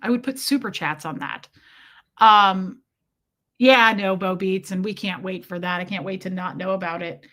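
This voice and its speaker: A woman livestreamer chats casually with her viewers and calls out their names as she goes. Her voice has a bright, crisp edge, and her storytelling is blunt and salty. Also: mid-range voice, moderate pace. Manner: blunt and profane, greets viewers by name. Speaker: livestream host.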